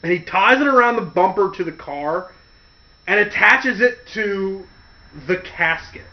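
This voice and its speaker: This show host has a high-pitched voice and talks a little slowly while spinning comedic, laid-back stories. Laughter and impressions keep his delivery lively. It all comes through a dull, lo-fi recording.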